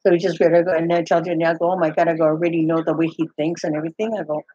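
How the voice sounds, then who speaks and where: Older woman, husky, chatty rambler, dry lo-fi recording. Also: sits low, level tone, racing, mellow, dry recording. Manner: rambling, full of restarts and "I go". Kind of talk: casual chat. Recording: dull, muffled, lo-fi sound.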